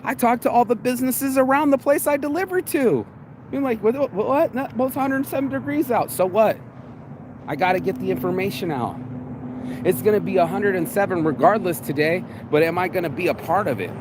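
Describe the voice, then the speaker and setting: A man's voice: high-pitched, fairly quick, background noise. A man in his forties giving a crude, slangy motivational monologue as podcast host, often acting out voices in his head. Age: 40s. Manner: crude, pumped-up, slangy, acts out inner voices.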